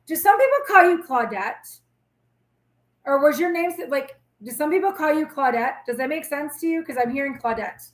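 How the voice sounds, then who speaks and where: A woman's voice: high voice, fairly bright tone, roomy sound. A woman in her forties hosting a casual live tarot reading, chatty, blunt and reassuring as she talks straight to viewers.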